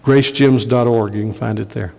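A man's voice: mid-range voice, fairly even intonation, fairly quick, creaky, a little mellow, big-room sound. A man preaching a sermon as pastor, earnest, repeating phrases for emphasis. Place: church sanctuary.

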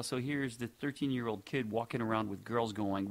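Podcast co-host, man, native French speaker with a light French accent. Rambling and animated. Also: on the low side, brisk. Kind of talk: casual chat.

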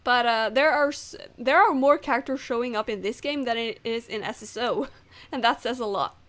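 A woman who is not a native English speaker gives casual commentary while playing a game. Her voice is high, and her talk is chatty and self-deprecating. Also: moderate pace, a bit bright. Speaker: gamer.

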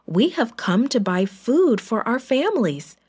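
Anxious grown brothers plead in a raised, strained voice, as a woman reading a children's Bible story puts them on. The tone is high and insistent. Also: very animated, measured pace, a little mellow, slightly rough, heavily acted.

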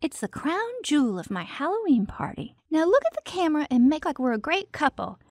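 A woman's voice: high-pitched, very animated, brisk, no echo, studio quality. A woman voicing a bossy young cartoon girlfriend. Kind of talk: cartoon voice acting.

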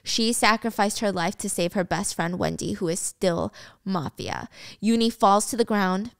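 A woman's voice: medium pitch, expressive, normal speed, clear, resonant tone, no echo, studio quality. A young woman hosting a storytime podcast, narrating a dramatic story with casual, wry asides.

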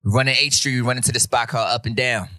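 A man's voice: medium pitch, racing, no room sound, studio quality. A man hosting a podcast, telling a casual, slangy story and acting out the other people's voices. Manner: animated, slangy, acts out quoted voices. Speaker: podcast host.

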